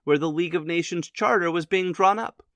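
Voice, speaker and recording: A man narrating a history lesson from a script in a lively, wisecracking way. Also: sits high, brisk, no echo, studio quality.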